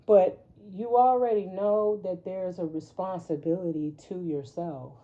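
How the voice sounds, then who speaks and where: A woman's voice: fairly low pitch, steady tone, a little slow, warm tone, dull audio. Frank, rambling woman tarot reader. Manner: rambling, frank and profane, with frequent rhetorical "right?". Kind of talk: casual spoken tarot reading.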